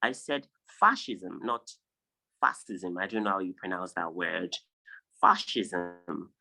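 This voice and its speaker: A man's voice: deep voice, measured pace, gravelly, sharp tone, low-quality recording. A man teaching an online class, reading out word lists and stressing and repeating each pronunciation. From Nigeria. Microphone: video call.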